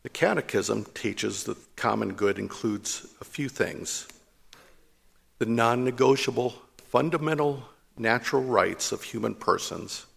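Gravelly-voiced man preaching a sermon. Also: mid-range voice, measured pace, fairly bright tone, big-room sound.

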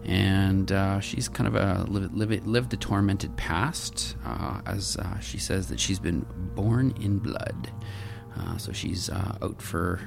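A tabletop player speaks in casual chat with a deep, gravelly voice. He halts often and leans on fillers. Music plays clearly behind him. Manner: halting, many fillers.

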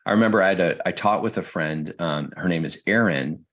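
A man's voice: deep voice, brisk, fairly bright tone. A man in his thirties co-hosting a recovery podcast, telling stories in casual chat, with jokes and swearing. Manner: storytelling, swears, jokey. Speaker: podcast co-host.

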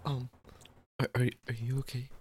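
A man voicing a sly young trainer in a tabletop game, teasing in a dry, quiet way. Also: medium pitch, level tone, moderate pace, slightly rough, lightly acted.

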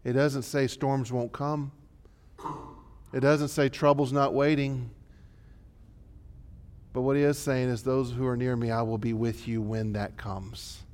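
A male pastor preaching a sermon, swinging from hushed, low passages to loud, rising exhortations. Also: level tone, measured pace, pauses often.

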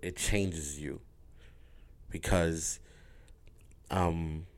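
A man with a low-sitting voice and a steady tone talks extremely slowly in a candid personal monologue to his viewers. He's rambling and emotional, repeating words and swearing casually.

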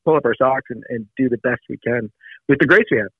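Earnest guy from canada, gravelly voice, tinny phone sound, dry. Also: medium pitch, fast talker, dry recording. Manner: earnest, with frequent restarts and fillers. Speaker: guest, founder of a news site. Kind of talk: casual interview chat.

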